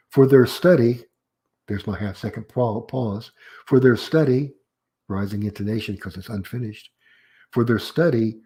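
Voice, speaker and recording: Deliberate, low-voiced male writing teacher. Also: dark tone. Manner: deliberate, explains step by step, reads example sentences aloud. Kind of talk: recorded grammar lesson.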